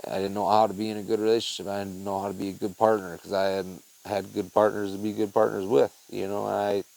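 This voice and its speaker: A man's voice: lowish voice, level tone, fast talker, vocal fry, a little mellow, poor audio. A young man hosting his own podcast, talking in a rambling, profane, heartfelt way with lots of fillers. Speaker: podcast host. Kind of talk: casual monologue.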